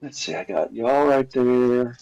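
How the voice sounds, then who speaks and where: A man running a tabletop game as game master, talking in an easygoing, halting way with fillers. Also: mid-range voice, a little mellow, smooth, muffled recording.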